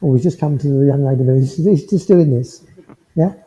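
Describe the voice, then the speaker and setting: A man giving a mediumship demonstration to a congregation, speaking in a gentle, reassuring way and checking in often with the listener. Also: mid-range voice, a little fast. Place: village hall. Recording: muffled hall sound with long reverb.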